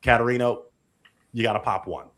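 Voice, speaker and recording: Guy hosting a live dating show, playful hype-man energy, middle pitch. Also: brisk, fairly bright tone. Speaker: host.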